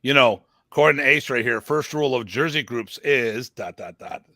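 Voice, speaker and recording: A man's voice: mid-range voice, moderate pace, bright, forceful tone, dry recording, clean studio sound. A man hosting a casual interview, asking follow-up questions in a conversational way. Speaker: podcast host.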